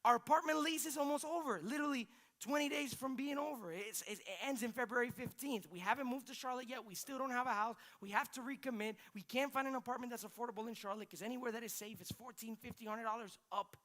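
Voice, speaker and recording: Man, pastor, sermon, animated storytelling, very high voice, bright. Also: fast talker.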